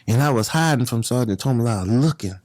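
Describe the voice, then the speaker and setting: A man's voice: mid-range voice, animated, quick pace, a little mellow, dry recording. A middle-aged man telling prison stories in an interview, acting out other people's voices as he goes. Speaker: guest, former gang leader. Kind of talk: storytelling in a podcast interview.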